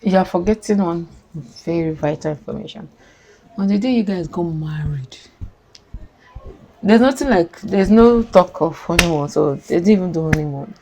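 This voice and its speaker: A woman's voice: on the low side, moderate pace, darkish tone, a little hiss or hum, low-quality recording. A woman hosting the show, commenting on a clip with emphatic, incredulous remarks. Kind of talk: reaction commentary.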